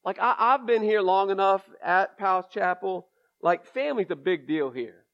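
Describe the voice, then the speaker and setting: A pastor with a high, light voice delivers a conversational sermon, folksy and candid, leaning into emphatic asides. The recording sounds dull and lo-fi, with the top end rolled off, as if captured in a church sanctuary. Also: male voice, lively intonation, normal speed.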